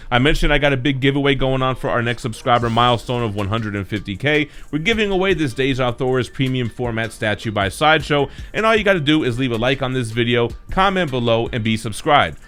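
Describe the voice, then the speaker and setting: A man's voice: medium pitch, expressive, fast talker, few pauses, a bit bright, clear, resonant tone, soft background music. A man hosting a comic book channel, talking in a laid-back, slangy way as he reviews the week's comics. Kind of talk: casual review chat.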